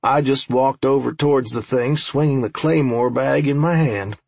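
A man's voice: mid-range voice, normal speed, creaky, darkish tone, breathy edge, no room sound. A man narrating an audiobook in the first person, with a dry, wry, profane manner.

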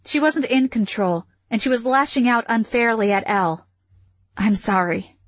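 Woman reading a romance novel, fairly high voice, dry close mic, steady pace. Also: moderate pace, dry recording. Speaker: audiobook narrator. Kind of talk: scripted fiction narration.

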